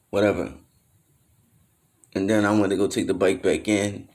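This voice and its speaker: Man, lower voice, casual slangy storyteller who curses and rambles. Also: normal speed, long pauses, darkish tone. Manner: loose slangy storytelling, acts out quotes in raised voices; swears freely, trails off with fillers.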